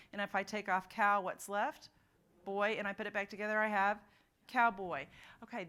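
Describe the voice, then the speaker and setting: In a conference room, a woman presents a teaching workshop to literacy educators, her mid-range voice smooth and fairly bright. She steps through examples and demonstrates sounds and words out loud for the crowd.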